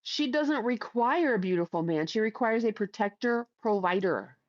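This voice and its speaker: A woman's voice: a little high, animated, moderate pace, dry recording, muffled recording. A middle-aged woman from Ohio hosting a livestream, reading chat aloud in a blunt, crude, chatty way. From Ohio, USA.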